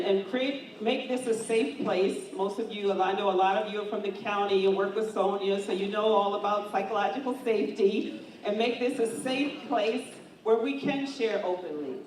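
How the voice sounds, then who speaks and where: Emotional woman speaking in a big echoey hall. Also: a little high. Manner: heartfelt, emotional, with fillers. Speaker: event host. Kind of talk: speaking to a luncheon audience. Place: large event hall. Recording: echoey hall from far off, faint noise.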